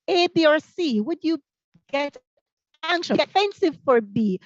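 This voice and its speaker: Jamaican woman, workshop facilitator, brisk rhetorical questions, slightly high voice, dull dry call audio. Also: no room sound. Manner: energetic, asks many rhetorical questions. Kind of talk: teacher training workshop.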